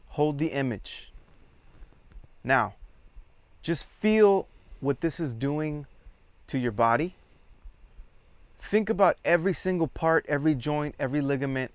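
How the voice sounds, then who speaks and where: A man leading a theatre workshop, giving calm, measured guided instructions and counting participants into each exercise. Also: fairly high pitch, clean tone, no room sound. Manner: calm, measured, counts students in and prompts them.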